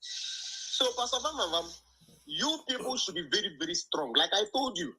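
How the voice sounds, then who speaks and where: A man's voice: sits high, big pitch swings, normal speed, pushed and bright, husky, poor audio. A man with a Nigerian accent co-hosting a live talk show, speaking earnestly in a preachy way.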